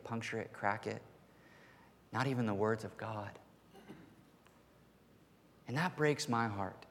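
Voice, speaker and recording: A man preaching a sermon to his church in an earnest voice that rises to forceful emphasis. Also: mid-range voice. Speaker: pastor. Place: church sanctuary. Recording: long hall reverb.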